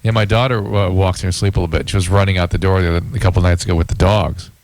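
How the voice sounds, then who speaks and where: Calm male radio doctor, low voice. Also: racing, no echo. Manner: calm, explanatory, easygoing. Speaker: radio show co-host, doctor. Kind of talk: casual late-night radio banter. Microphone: studio broadcast microphone.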